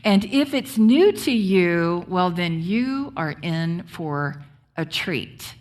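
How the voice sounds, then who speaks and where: A woman's voice: on the low side, animated, slow pace, a little mellow. A woman pastor giving a conversational sermon, often checking in with her congregation. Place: church sanctuary.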